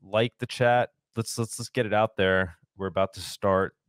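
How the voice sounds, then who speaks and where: A man's voice: on the low side, fairly even intonation, normal speed, smooth, no echo. A man hosting a casual livestream, jovial and upbeat, thanking his guest and urging listeners to share the stream. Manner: jovial and upbeat, calls people buddy. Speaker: show host.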